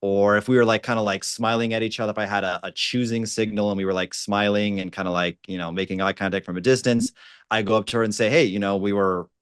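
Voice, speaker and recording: Man, playful, light-hearted, lowish voice, dry sound, dating coach. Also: fairly even intonation, fast, fairly bright tone, clean tone, dry recording. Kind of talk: panel discussion.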